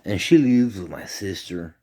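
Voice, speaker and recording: A man with a deep, low voice recounts a bizarre dream in a loose, rambling way. He swears freely and jumps up high and loud when he acts out his own shouts. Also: a little slow. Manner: animated, profane, rambling. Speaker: storyteller. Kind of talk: casual retelling of a dream.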